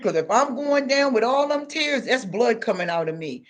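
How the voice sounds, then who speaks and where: A woman's voice: fairly high pitch, animated, normal speed. A woman giving spiritual advice in a casual, unscripted monologue, blunt and confrontational, full of street slang and talking straight to the listener. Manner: talks straight to the listener with many tags like "you know what I'm saying".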